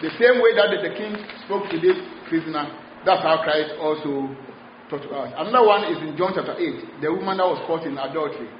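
A man preaching a sermon in a gentle way, often repeating his words and switching between English and Twi. His is Twi. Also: a little high, a little fast. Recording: muffled, roomy recording with faint noise.

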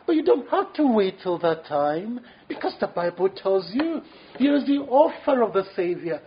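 Male preacher, high voice, pleading and earnest, slightly dull lo-fi recording. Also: big pitch swings, normal speed, a little hiss or hum. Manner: earnest, pleading, with frequent restarts and fillers. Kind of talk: sermon. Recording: muffled lo-fi sermon recording.

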